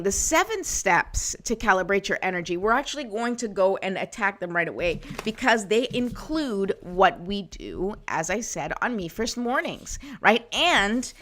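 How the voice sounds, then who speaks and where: Encouraging woman hosting a wellness talk. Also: mid-range voice. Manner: warm, encouraging, conversational with frequent "right?" and "okay?". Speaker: host of a wellness livestream. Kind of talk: casual motivational talk to live viewers.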